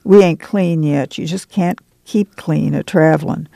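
A man's voice: a little high, measured pace, vocal fry, warm tone, no room sound. A man reading the part of a weary, guarded migrant farm mother in a folksy rural drawl. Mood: warming, humble.

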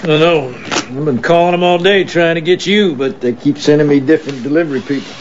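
A man's voice: fairly high pitch, fairly quick, close to an everyday voice. Brief: man as a scruffy estranged father in his fifties, brash and rambling; lo-fi film clip with hiss. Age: 50s. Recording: dull lo-fi film clip with noise.

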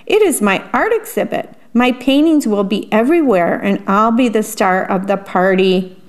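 A woman's voice: mid-range voice, animated, normal speed, lightly acted. A woman voicing a competitive little male animal brother who paints, in an eager, indignant way while reading a storybook aloud.

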